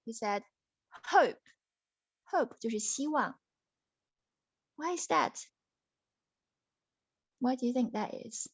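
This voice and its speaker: A woman telling a story to her young child with puppets, animated, acting out the characters and switching into Mandarin now and then. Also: fairly high pitch, no echo, muffled recording. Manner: animated, acts out voices, mixes in Mandarin.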